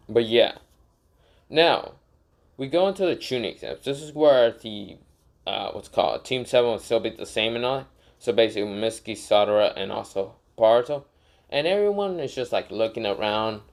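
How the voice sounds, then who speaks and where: A young man casually narrating a made-up fan story, rambling with many fillers and self-corrections. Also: on the low side.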